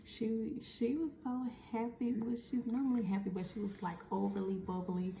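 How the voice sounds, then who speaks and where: Woman, casual vlog chat, gravelly voice, mellow tone, roomy echo. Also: fairly high pitch, level tone, normal speed, slight background noise. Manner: chatty storytelling, acting out quoted conversations. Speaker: vlogger.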